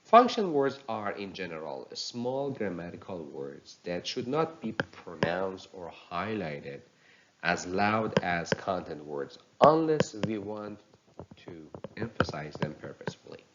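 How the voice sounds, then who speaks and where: A man teaching a recorded pronunciation lesson, explaining slowly and deliberately and acting out example lines with exaggerated intonation. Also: low voice, sing-song, muffled recording, background noise.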